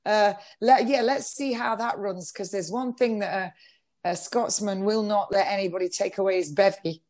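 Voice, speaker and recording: A woman being interviewed, talking in an animated, exasperated and sarcastic way. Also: mid-range voice, normal speed. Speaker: interview guest. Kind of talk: political interview.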